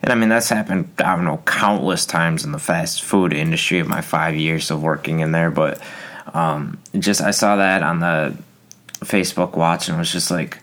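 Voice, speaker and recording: Deep-voiced young man ranting. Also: steady tone, normal speed, fairly bright tone, a little hiss or hum. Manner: rambling, many fillers and restarts. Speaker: podcast host. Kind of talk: casual solo rant.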